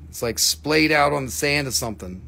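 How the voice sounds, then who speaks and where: A man's voice: fairly high pitch, gravelly, bright, forceful tone. Chatty man rattling off prices. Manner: rapid, joking, reading out prices and codes. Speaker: live sale host. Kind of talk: live stream sales chat.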